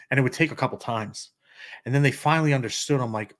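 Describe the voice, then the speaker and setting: A man's voice: mid-range voice, fast. Blunt middle-aged man, podcast co-host. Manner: blunt, storytelling with acted quotes. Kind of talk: casual podcast conversation.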